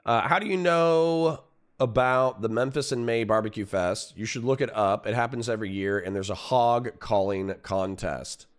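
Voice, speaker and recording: A man's voice: on the low side, normal speed. A middle-aged man hosting a casual livestream, ranting about online drama with profanity and frequent laughter. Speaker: livestream host.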